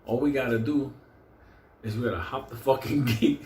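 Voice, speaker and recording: A man's voice: medium pitch, normal speed, darkish tone. A middle-aged man tells a rowdy story, swearing constantly and laughing mid-sentence. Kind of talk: casual anecdote. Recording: roomy echo with faint ambience.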